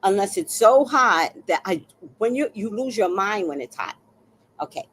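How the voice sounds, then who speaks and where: A woman's voice: medium pitch, normal speed, slight background noise, poor audio. A woman in her sixties hosting a live stream, chatting casually and telling stories with laughter and the odd swear word. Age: 60s. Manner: animated, laughing storyteller who swears casually. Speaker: livestream host.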